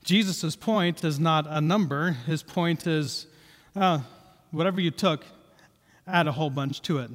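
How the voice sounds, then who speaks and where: A man's voice: on the high side, measured pace. A man preaching a sermon in a conversational way, repeating key points for emphasis. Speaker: pastor. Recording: reverberant hall.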